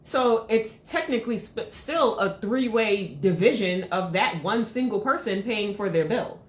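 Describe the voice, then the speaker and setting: A woman's voice: medium pitch, expressive, a little slow. A woman co-hosting a casual podcast who laughs often and thinks aloud. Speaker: podcast co-host. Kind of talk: casual chat. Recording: roomy echo.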